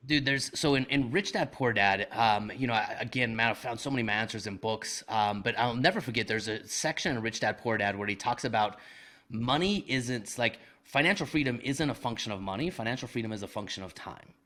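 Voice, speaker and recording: A man telling a personal story as a podcast guest, animated and self-deprecating, with casual slang like "man" and "dude.". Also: medium pitch, brisk. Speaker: guest, real estate investor. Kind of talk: conversational storytelling.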